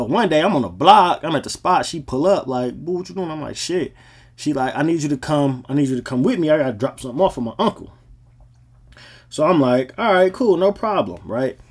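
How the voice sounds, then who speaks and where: A man's voice: mid-range voice, slightly rough. A man, telling stories from his life in a laid-back, slangy podcast style. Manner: laid-back slangy storytelling, frequent "you know what I'm saying". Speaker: podcast host. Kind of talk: casual storytelling.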